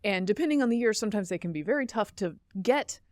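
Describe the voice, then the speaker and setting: A woman's voice: mid-range voice, lively intonation, quick pace, darkish tone, no echo, clean studio sound. A middle-aged woman co-hosting a podcast, telling stories in a chatty way, laughing easily and correcting herself. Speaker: podcast co-host. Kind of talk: casual chat.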